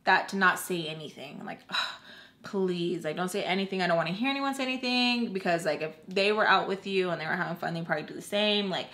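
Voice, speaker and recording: A young woman telling a personal story on her channel, candid and rambling, filling every pause with "like" and cutting her swears short. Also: on the low side, a bit bright. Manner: rambling, fills with "like" constantly; candid, emphatic, cuts off swears. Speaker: YouTube storyteller. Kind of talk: casual storytime.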